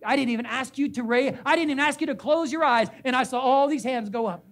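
A man's voice: very high voice, fast, a bit bright, faint music behind. A male pastor preaching a sermon in a church. He repeats names and phrases for emphasis and puts questions to the congregation. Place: church sanctuary.

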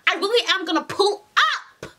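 A young woman telling a storytime to camera in an animated, exasperated way, repeating her phrases and using slang. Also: very high-pitched, fairly quick, a little hiss or hum. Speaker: vlogger. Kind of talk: storytime monologue.

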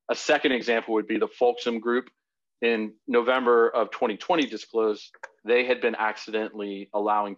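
A man giving a live online presentation in a conversational way, with frequent fillers and restarts. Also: fairly low pitch. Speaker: webinar presenter. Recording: dull lo-fi web audio.

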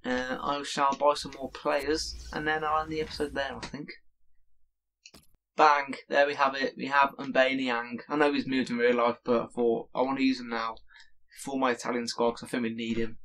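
A man giving live gameplay commentary, excitable and swearing often, bursting into loud shouts at the game. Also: medium pitch, moderate pace, a little hiss or hum. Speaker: gaming video creator.

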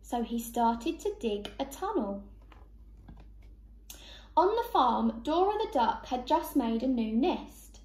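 A woman teacher reading a picture book aloud to young children, slow and expressive. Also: sits high, reverberant.

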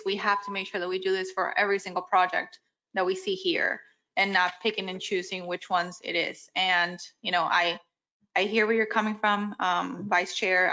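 A woman board member who is losing her voice, speaking in a measured, conciliatory way at a public meeting. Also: medium pitch, pushed and bright. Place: municipal board meeting room. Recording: muffled meeting audio.

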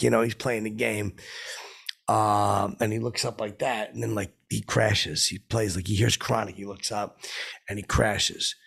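A man telling a rambling, halting story in a deadpan way, full of fillers and sound effects, as a boastful hanger-on. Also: fairly low pitch. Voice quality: gravelly, husky. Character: dim, boastful washed-up male hanger-on telling tall tales. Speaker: comedy podcast host in character.

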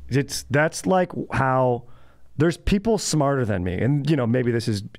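A man's voice: mid-range voice, lively intonation, a little slow, darkish tone, dry recording, studio quality. A young adult man hosting a comedy podcast, rambling casually with fillers and swearing. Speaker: podcast host.

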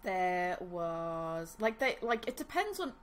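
A woman's voice: lowish voice, very animated, takes it slowly, a little hiss or hum. A woman co-hosting a podcast, chatting casually and laughing, with lots of "like" fillers. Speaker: podcast co-host. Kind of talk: casual chat.

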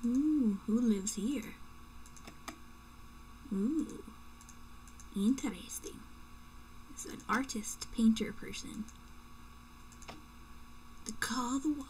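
A young woman narrating her game at an unhurried pace, chatty and joking, often dropping into playful whispered asides. Her voice sits a little high, with a faint hum and hiss behind it at home. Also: warm tone, rough recording. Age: young adult. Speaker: let's play gamer. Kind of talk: casual gameplay commentary. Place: home room at night.

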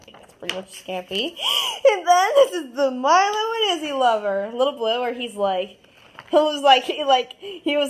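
A woman's voice: high voice, a bit bright. A woman chatting casually as host, showing her drawings in a giggly, rambling way with many fillers. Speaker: channel host.

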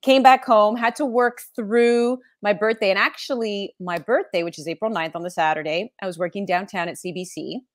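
A middle-aged woman from Canada who works as a sportscaster, chatting as a guest. She tells stories with energy and laughs often. Her voice has a medium pitch for a woman. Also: moderate pace, few pauses. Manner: animated storytelling, laughs often. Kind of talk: casual interview chat.

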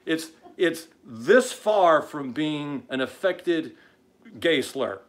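A man hosting his own online show, speaking off the cuff in a casual live-stream style. He is blunt and combative, fills pauses with "uh" and stammers through frequent restarts. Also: a little high, animated, fairly bright tone.

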